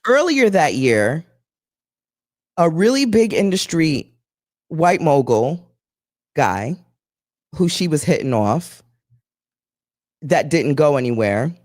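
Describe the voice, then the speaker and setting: A woman's voice: sits low, dry recording, clean studio sound. A woman co-hosting a live chat show, telling stories bluntly and swearing often. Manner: animated, blunt storytelling with frequent profanity. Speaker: podcast co-host.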